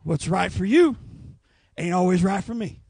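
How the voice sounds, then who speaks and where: Male preacher, high-pitched and lively, folksy storyteller, dry close sound. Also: normal speed, gravelly, breathy edge, no echo. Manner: animated, folksy storytelling with acted voices. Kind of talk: Pentecostal revival sermon.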